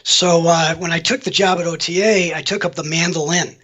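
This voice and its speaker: A male guest speaks over a video call in a bright, forceful voice that sits slightly high. He talks in a relaxed, frank way, as if chatting with an old colleague. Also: a little fast. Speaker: guest, former floor trader. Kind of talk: casual interview chat.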